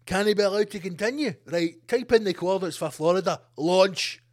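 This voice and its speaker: A man putting on a gruff, angry male Kremlin official who barks out orders. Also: sits high, fairly quick, natural voice.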